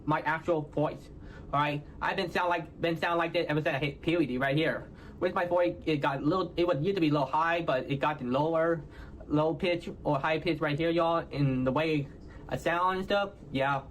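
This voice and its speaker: Halting Texan man with unclear diction. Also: fairly high pitch, fairly even intonation, slight background noise. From Houston, Texas. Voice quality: hard-to-follow diction. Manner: halting, ends nearly every phrase with "all right, y'all?". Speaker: content creator in a played clip. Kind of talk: casual self-explaining talk to viewers.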